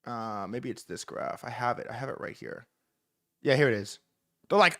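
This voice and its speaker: A young man doing casual livestream commentary, excitable, swearing often, repeating himself and talking straight to his chat. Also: medium pitch, moderate pace. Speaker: streamer reacting to news.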